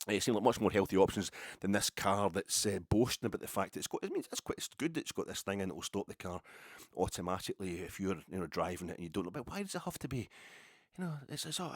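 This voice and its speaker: Scottish male podcast host with a low voice, sardonic, rambling solo talk, dry close recording. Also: no echo.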